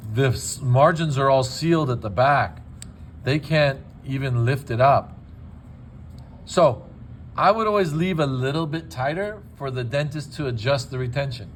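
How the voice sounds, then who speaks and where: A man's voice: mid-range voice, a little hiss or hum. A man demonstrating dental lab work in a casual teaching style, with joking asides. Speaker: dental technician. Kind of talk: hands-on demonstration. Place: dental laboratory.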